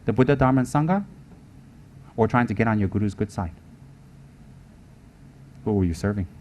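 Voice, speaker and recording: A man's voice: on the low side, animated, moderate pace, darkish tone, a little hiss or hum. A man giving a Buddhist teaching in an emphatic manner, repeating his points and asking rhetorical questions. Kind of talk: Dharma teaching.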